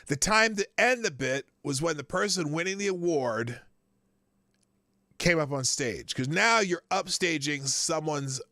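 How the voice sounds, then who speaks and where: A man with a bright, gravelly voice hosts a live news stream, reading articles aloud and then cutting in with crude, irreverent rants. He leans into loud outbursts and blunt, profane asides. The sound is dry and close, with no room around it. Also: mid-range voice, dry recording. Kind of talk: casual news commentary.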